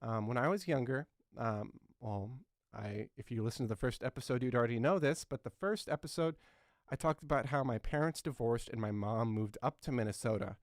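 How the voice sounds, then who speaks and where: A man's voice: mid-range voice, a little fast, no echo, clean studio sound, natural voice. A man in his twenties playing an earnest, clueless talk show host who rambles and fills his talk with ums and uhs. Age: 20s. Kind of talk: satirical talk show comedy.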